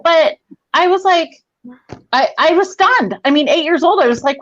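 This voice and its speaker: A woman in her forties with a fairly high voice tells a rambling, profane story. The sound is dull and lo-fi, close and dry. She talks casually and animatedly over a video call. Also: animated, brisk, a bit bright, no echo. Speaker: guest comedian.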